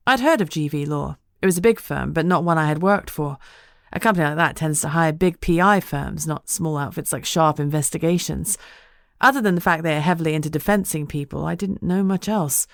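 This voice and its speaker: A woman narrating a first-person audiobook in a wry, even storytelling way. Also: low voice, brisk, creaky, no room sound, studio quality.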